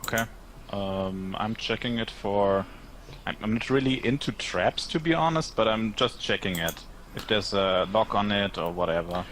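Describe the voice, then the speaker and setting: A man's voice: fairly low pitch, normal speed, fairly bright tone. A man playing a tabletop game, talking in a hesitant, chatty way. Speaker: player. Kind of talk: casual tabletop play. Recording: noisy recording.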